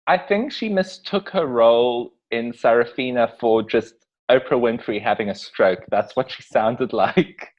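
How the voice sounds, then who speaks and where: A young South African man chatting as a podcast guest, quick and jokey, peppering his talk with "like". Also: mid-range voice, lo-fi sound. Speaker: podcast guest, pop artist. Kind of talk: casual chat.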